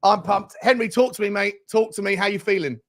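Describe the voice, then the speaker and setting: A man hosts a fan livestream in an excitable, slangy way. His voice sits high and has a gravelly, fried edge. He rattles through viewer messages with plenty of hype. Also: fairly quick. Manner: excitable, hyped, slangy banter. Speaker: fan show host. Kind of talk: livestream chat reading super chats.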